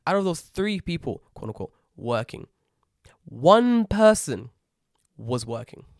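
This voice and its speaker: A young British man co-hosting a podcast, telling an animated, swear-heavy story in casual chat. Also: mid-range voice, moderate pace, vocal fry, no echo, studio quality. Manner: rising to loud exasperated outbursts. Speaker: podcast co-host.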